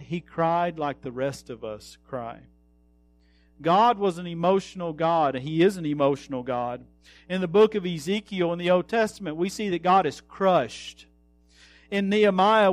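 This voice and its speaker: High-pitched preacher man. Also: no room sound. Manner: earnest preaching, slows for emphasis, trails off softly. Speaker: pastor. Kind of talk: sermon.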